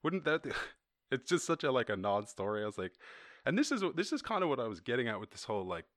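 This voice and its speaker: A man's voice: mid-range voice, fast, dry recording, studio quality. Sweary sarcastic Irish man ranting. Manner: profane, sarcastic, animated. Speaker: podcast host; software developer. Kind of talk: casual rant.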